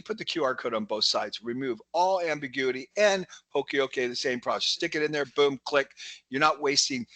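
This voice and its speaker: A middle-aged man giving a webinar talk, telling energetic stories full of quoted dialogue. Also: medium pitch, no echo. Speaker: keynote speaker. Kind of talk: webinar presentation.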